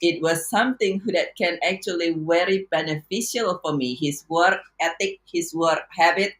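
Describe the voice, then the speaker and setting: A woman speaks to camera in a somewhat low voice, sharing a personal story as a coach. She is earnest and reflective, often stopping mid-phrase and starting again. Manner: earnest, reflective, halting with many restarts. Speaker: life and business coach.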